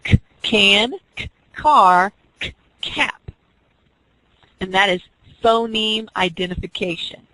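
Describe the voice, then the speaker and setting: A woman's voice: mid-range voice, steady tone, measured pace, sharp tone, no echo, rough recording. A woman teaching an online class, explaining reading skills step by step and acting out teacher and student examples. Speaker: teacher educator.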